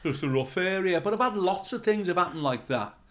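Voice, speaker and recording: A man's voice: high voice, lively intonation, brisk, fairly bright tone. A male comedian telling rambling anecdotes as a podcast guest, swearing freely. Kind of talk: storytelling in a podcast interview.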